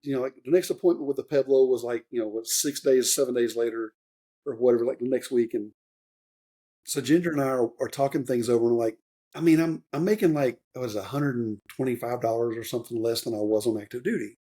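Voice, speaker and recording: A man's voice: medium pitch, fast, mellow. A man in his fifties, a retired Army warrant officer, telling his story as a podcast guest in a rambling, earnest way, with lots of fillers and restarts. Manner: rambling, loose speech full of fillers and restarts; earnest and openly emotional. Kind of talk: conversational interview storytelling.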